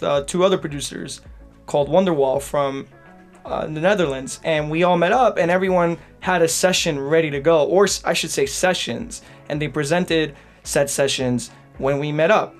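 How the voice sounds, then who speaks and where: Male podcast co-host, slightly high voice, loose rambling chat over faint music. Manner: rambling, restarts, says "right?" often. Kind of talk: casual chat.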